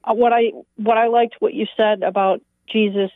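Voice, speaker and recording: A woman cohost chatting in a relaxed, slightly hesitant way on a radio show. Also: medium pitch, normal speed, no echo. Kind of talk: casual chat. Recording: tinny phone-like audio.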